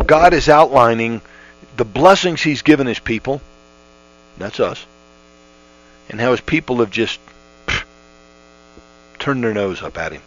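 A man's voice: medium pitch, fairly bright tone. Folksy man teaching the Bible on radio. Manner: folksy, earnest, with many restarts. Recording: dull lo-fi radio audio with mains hum.

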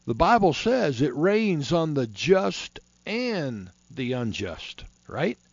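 A man's voice: on the high side, sing-song, takes it slowly, vocal fry, dry recording, highs cut off. A man hosting a Christian talk show on being prepared, talking in a folksy, rambling way with many restarts. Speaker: host.

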